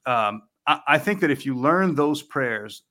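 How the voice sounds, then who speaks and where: A man in a relaxed spoken conversation, explaining ideas through everyday analogies, often restarting his sentences and laughing lightly. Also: fairly high pitch, unhurried.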